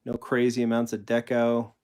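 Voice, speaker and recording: A man's voice: medium pitch, monotone, moderate pace, darkish tone. A man hosting a casual live stream, rambling and correcting himself as he answers chat questions and shows toy cars. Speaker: host of a live collector stream.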